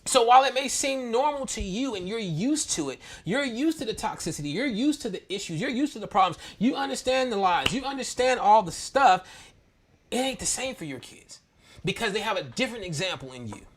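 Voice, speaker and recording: A man with a notably high-pitched voice tells a personal story from his own childhood and family life. He talks in a loose, slangy way, laughing as he goes. He speaks like a church talk host. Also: very animated, fairly quick, fairly bright tone. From Maryland, US.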